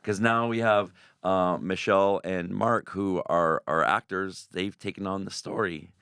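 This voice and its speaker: In an animated radio interview, a man who owns a haunted house tells stories excitably, acting out the voices of the people in them. His deep voice is unhurried, with vocal fry and a clean tone, captured in studio-quality audio with no echo.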